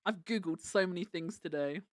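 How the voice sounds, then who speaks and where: A woman's voice: fairly low pitch, a little fast, no echo, studio quality. A woman livestreaming from home, chatting casually with viewers, giggling and restarting her words as she talks into a desk microphone.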